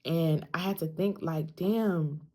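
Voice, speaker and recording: A woman's voice: sits low, slow, a little mellow. A young woman talking casually straight to camera, emphatic and slangy, often repeating lines for emphasis. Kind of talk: casual self-talk vlog.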